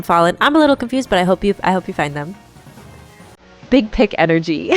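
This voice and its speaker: Giggly young woman streamer chatting. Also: mid-range voice. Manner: chatty, reads chat messages aloud, giggly. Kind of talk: casual live-stream chat while gaming.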